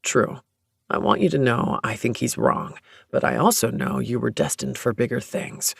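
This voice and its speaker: A narrator voicing Noah, a gentle deep-voiced man. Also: very animated, normal speed, dry recording, studio quality, full character voice. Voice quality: smooth, deep voice. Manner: warm, considerate, reassuring. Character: gentle young man, proud home brewer. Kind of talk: audiobook narration.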